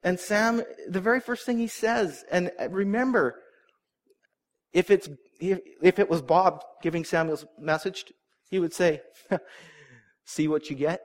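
Male pastor, middle-aged, slightly high-pitched, earnest sermon delivery with congregational asides. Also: measured pace.

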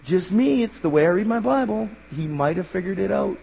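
A male pastor preaching a sermon in an earnest way, rising to emphatic bursts and dropping quiet. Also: high voice, expressive, a little fast, creaky, a little hiss or hum. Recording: long hall reverb.

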